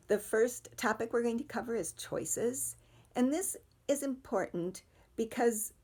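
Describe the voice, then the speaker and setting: A middle-aged woman, calmly and patiently explaining parenting ideas with everyday examples. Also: mid-range voice. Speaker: parenting educator. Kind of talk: instructional talk to parents.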